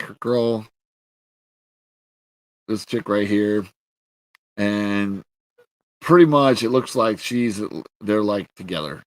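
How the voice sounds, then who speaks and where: A man's voice: on the low side, no echo. Exasperated man ranting about a show. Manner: profane, exasperated, heavy on fillers. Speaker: show reviewer. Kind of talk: casual ranting commentary.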